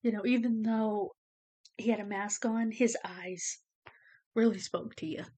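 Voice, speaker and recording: A woman's voice: fairly high pitch, steady tone, a little slow, mellow. Emotional woman rambling to camera. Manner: emotional, rambling, thankful, close to tears at times; many fillers like "you know" and "um". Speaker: vlogger. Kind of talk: casual personal update to camera. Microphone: camera facing the speaker.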